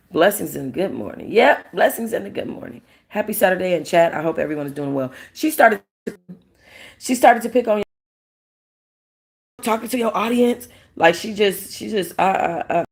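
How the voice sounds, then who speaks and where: A woman's voice: very deep voice, vocal fry, a little mellow, breathy edge. A woman hosting a casual livestream, talking bluntly to her chat, rambling and swearing freely. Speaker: livestream host.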